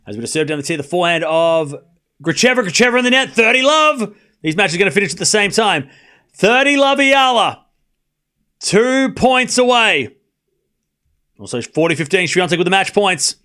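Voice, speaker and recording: A young male streamer with a high voice calls a tennis match live for his chat in a quick, excitable play-by-play. He drops to a mutter, then breaks into shouts.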